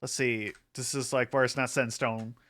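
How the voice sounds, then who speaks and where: A man's voice: mid-range voice, flat delivery, moderate pace, fairly bright tone. A man streaming casually, rambling with lots of fillers and frequent laughter, hyped up from an energy drink. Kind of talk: casual livestream chat.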